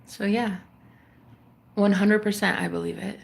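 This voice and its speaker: A woman's voice: mid-range voice, fairly even intonation, measured pace, creaky. A woman hosting a livestream, talking casually about spirituality and acting out phone calls in quoted voices. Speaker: livestream host.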